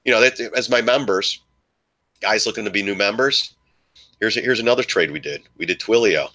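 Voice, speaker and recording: A man giving excitable live stock market commentary to his viewers, joking and swearing as he goes. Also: lowish voice, normal speed. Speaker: stock trading streamer.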